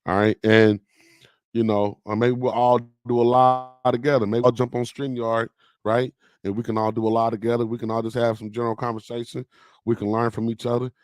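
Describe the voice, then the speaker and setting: A man's voice: mid-range voice, flat delivery, brisk, darkish tone, dry recording, clean studio sound. A man hosting a casual livestream, chatting loosely with his viewers and peppering his talk with "man" and "y'all". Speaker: podcast host on a livestream.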